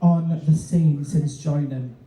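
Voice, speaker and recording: A man who is a drag performer co-hosts a live podcast in a bar, rambling casually, packing in fillers, and swearing freely. His mellow voice is on the high side, slow, and fairly even. The mic is distant and the bar echoes.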